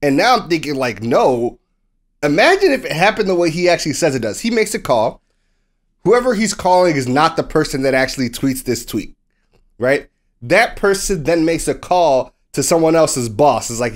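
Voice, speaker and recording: Animated man telling a story. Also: on the high side, normal speed. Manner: animated storytelling, acts out quoted people. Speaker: podcast co-host. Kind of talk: casual sports podcast chat.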